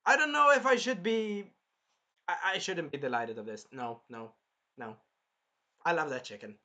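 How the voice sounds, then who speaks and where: A man with a fairly high voice chats casually while reviewing an anime episode. He talks in an animated way, swears freely and acts out bits of dialogue. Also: moderate pace, muffled recording. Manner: animated, swearing, retells scenes in put-on voices. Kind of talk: casual chat.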